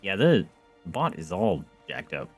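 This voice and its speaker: Excitable young man yelling at his game. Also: deep voice, a little slow, breathy edge, faint music behind. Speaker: game streamer. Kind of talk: excited gameplay commentary.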